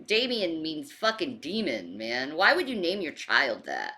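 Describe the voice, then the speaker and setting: A blunt, foul-mouthed woman chats through a reaction stream. Her voice sits a little low yet rings bright and sharp. Her pitch swings widely as she reacts. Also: wildly swooping pitch, unhurried. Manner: profane, blunt, laughs easily. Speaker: stream co-host. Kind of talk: casual reaction chat.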